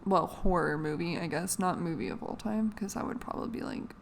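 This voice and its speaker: A woman's voice: fairly low pitch, fairly quick, vocal fry, a little hiss or hum. A young woman co-hosting a podcast in casual chat, rambling with lots of fillers and giggles. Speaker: podcast co-host.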